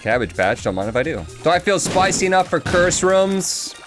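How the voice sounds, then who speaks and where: A man's voice: high-pitched, moderate pace. A man hosting his own gaming channel, chatting jokily through a let's play. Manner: excitable, jokey, chatty with the game. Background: game music.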